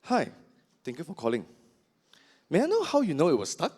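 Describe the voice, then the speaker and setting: A droning customer-service exchange, as a comedian acts it out in a low, hushed, deadpan tone. The voice sits far below his normal pitch and barely moves. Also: a little fast, breathy edge, exaggerated voice. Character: flat low-voiced customer and support staff.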